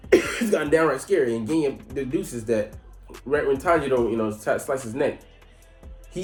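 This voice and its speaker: A man talks casually at a medium pitch, recapping an episode in a rambling way, full of fillers and swearing. His voice rings in an echoey room. A faint music bed plays underneath. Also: darkish tone. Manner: rambling, lots of fillers, profane. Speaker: anime reviewer. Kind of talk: casual reaction commentary.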